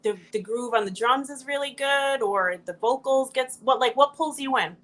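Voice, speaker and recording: A woman co-hosts a casual radio talk show and keeps asking the guests questions. Her voice sits a little above the middle. She sounds relaxed and conversational. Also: high-pitched, normal speed. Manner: curious, asks questions. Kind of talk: casual interview chat.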